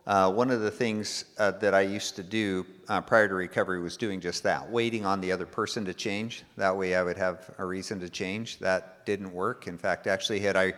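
A man's voice: deep voice, fairly even intonation, normal speed, hardly any pauses, fairly bright tone, big-room sound. A man sharing reflectively at a recovery support meeting, with frequent fillers. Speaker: recovery group member sharing.

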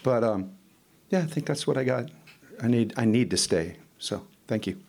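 Gravelly man, blunt and wry. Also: mid-range voice, expressive, normal speed, crowd noise. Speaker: member sharing at a recovery meeting. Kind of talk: personal sharing.

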